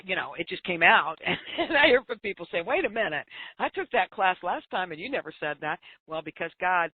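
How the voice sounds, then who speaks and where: A woman's voice: deep voice, vocal fry, dry recording. An older woman, a business coach and author, telling stories earnestly as a talk show guest and laughing often. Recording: tinny phone line.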